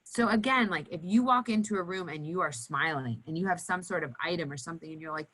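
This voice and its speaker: A woman occupational therapist teaching nurses in an educational panel talk, animated and acting out cheerful voices for children. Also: lowish voice, fast, few pauses, rough recording.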